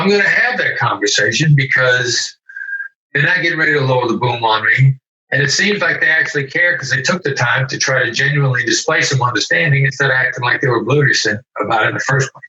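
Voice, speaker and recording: A man's voice: mid-range voice, fairly quick, bright, forceful tone. A middle-aged man, a negotiation expert guest, explaining his methods emphatically and acting out sample phrases. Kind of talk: animated explanatory interview talk. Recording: roomy, distant, dull remote-call audio.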